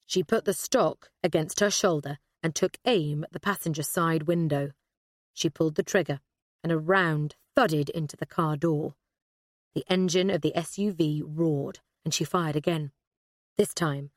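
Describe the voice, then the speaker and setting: Low-voiced woman narrating an audiobook. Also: moderate pace, no room sound, studio quality.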